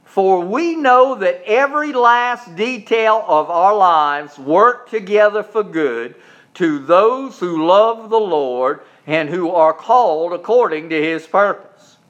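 A man preaching a sermon, swinging from loud, emphatic calls to soft, hushed prayer. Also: high voice, lively intonation, slow pace, lo-fi sound. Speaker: pastor.

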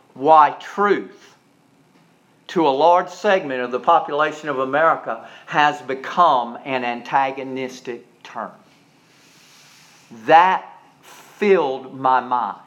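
A male pastor preaching a sermon, telling stories dramatically and swinging between loud and hushed delivery. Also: fairly high pitch. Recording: dull lo-fi recording.

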